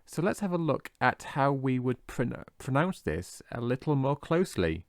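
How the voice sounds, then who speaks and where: A man teaching English vocabulary in a scripted lesson, slowly and carefully modelling how each word is pronounced. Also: medium pitch, sing-song, no echo, studio quality. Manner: slow, careful modelling of pronunciation.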